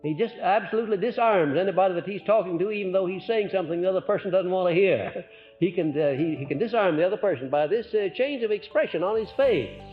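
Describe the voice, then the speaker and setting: Guy lecturing a crowd in an old muffled recording, bit high voice, folksy, lots of uhs, faint music under it. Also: lively intonation, fast. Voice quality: frequent "uh" hesitations. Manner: folksy, earnest, swings between loud and soft on purpose. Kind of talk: recorded lecture to a live audience.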